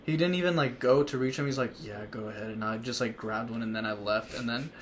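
A man's voice: mid-range voice, fast talker, a little hiss or hum. A young man telling a rambling story on a podcast, full of restarts and acted-out quotes, laughing often. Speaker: podcast guest. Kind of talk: casual storytelling among friends.

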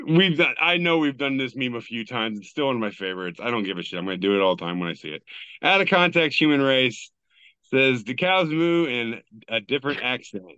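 A man's voice: medium pitch, lively intonation, brisk, sharp tone, smooth, no room sound, dull audio. A man hosting a casual podcast, reading memes aloud in a loose, joking way and swearing freely. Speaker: podcast host.

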